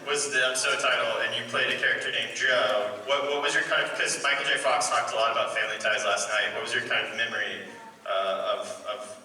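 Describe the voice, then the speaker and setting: A man's voice: medium pitch, steady tone, fairly quick, sharp tone. A man in his forties moderating a live convention panel, chatty as he reads out fan questions. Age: 40s. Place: large convention hall. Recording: echoey hall, voice from far off.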